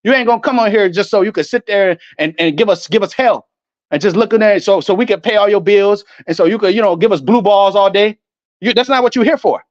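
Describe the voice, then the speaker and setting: Angry high-voiced man ranting. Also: fast talker, dry recording, lo-fi sound. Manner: angry, profane, preachy, quotes scripture. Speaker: online street preacher. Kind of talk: ranting religious monologue.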